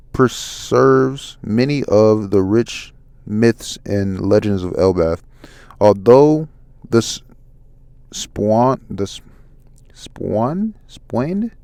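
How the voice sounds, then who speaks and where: Man, soft-spoken ASMR comic reading, halting, stumbling, very slow, dry close sound. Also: medium pitch, clean tone, dry recording. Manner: halting, stumbles over words and apologizes. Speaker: ASMR manga reader.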